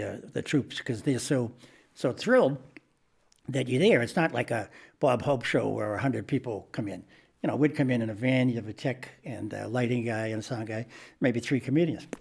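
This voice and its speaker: A man's voice: mid-range voice, moderate pace, gravelly, slightly rough. An older man, a comedian guest, telling anecdotes in a podcast interview and acting out the people in them. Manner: animated anecdote teller who acts out voices.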